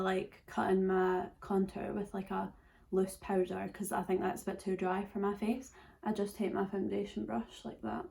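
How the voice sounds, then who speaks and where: Her voice is medium-pitched, creaky and warm as this nineteen-year-old Scottish beauty vlogger talks through a makeup tutorial. The chat is relaxed and full of filler words, with occasional slips into whispering.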